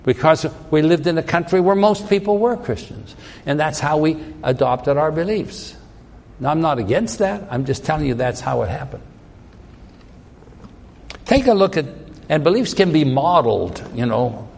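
A man's voice: a little high, animated, moderate pace, gravelly, darkish tone, long reverb tail. A man preaching a sermon, pressing his point with emphatic rhetorical questions. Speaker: pastor.

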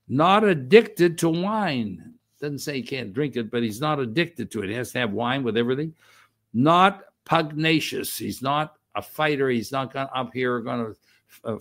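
Older male minister, gravelly mid-range voice, chatty teaching sermon with restarts. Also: mid-range voice. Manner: conversational, repeats phrases, frequent fillers.

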